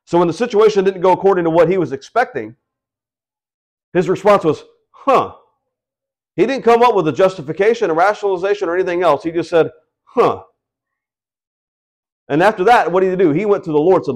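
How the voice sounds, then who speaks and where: Casting note: man, high voice, house-church pastor, chatty preaching that slips into the voices of the people he quotes. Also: a little fast, long pauses. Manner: conversational preaching, acts out quoted voices, asks the congregation questions. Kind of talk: sermon.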